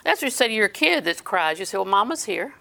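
Older woman, gravelly voice, earnest sermon, scripture quotes. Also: mid-range voice, very animated, fast talker, sharp tone. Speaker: preacher.

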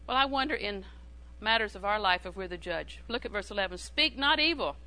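A woman's voice: mid-range voice, quick pace, pushed and bright, low-quality recording. A woman preaching a sermon in a humorous, conversational way, repeating phrases for emphasis.

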